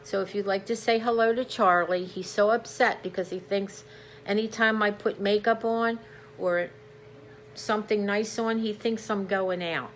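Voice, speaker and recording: A woman's voice: medium pitch, steady tone, normal speed, slight background noise. A tired woman talking casually at home in a rambling crafts vlog, restarting her sentences often. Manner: rambling, warm-hearted, with many restarts. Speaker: craft vlogger. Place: at home, on a couch.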